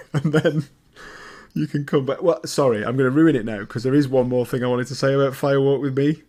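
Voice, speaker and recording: A man's voice: mid-range voice, brisk. Chatty man, podcast co-host. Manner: chatty, jokey, rising to loud exclamations when excited. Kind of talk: casual chat.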